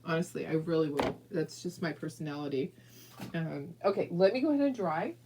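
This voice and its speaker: A woman's voice: low voice, fairly quick, noisy background. Chatty, encouraging woman craft host. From southern California. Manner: chatty and encouraging, talks straight to viewers, laughs often. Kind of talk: casual crafting livestream chat.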